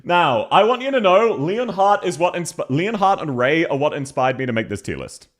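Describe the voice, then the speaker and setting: Lively, chatty Australian man streaming. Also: on the high side, normal speed. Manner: chatty, self-deprecating, swears, laughs often. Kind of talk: casual live-stream chat.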